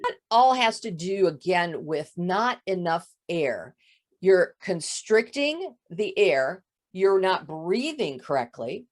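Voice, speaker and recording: Female vocal coach guest, lowish voice with light fry, explanatory. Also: big pitch swings, slow pace. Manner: explanatory, demonstrates voice faults. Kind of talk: interview answers.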